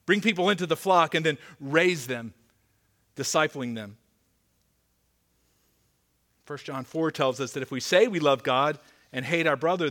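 A man preaching a sermon as pastor, earnest and pleading, dropping to a hushed voice for emphasis. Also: on the high side.

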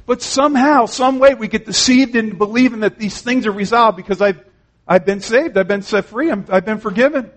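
A man's voice: high-pitched, brisk. A man preaching an earnest, conversational sermon, retelling conversations and often saying "man". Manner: frequent "man" and restarts.

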